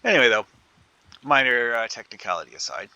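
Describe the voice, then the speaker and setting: Bright, animated man rambling over gameplay. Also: medium pitch, brisk, creaky, highs cut off. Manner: rambling, thinking aloud with many fillers. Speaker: gaming video creator. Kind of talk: casual gameplay commentary.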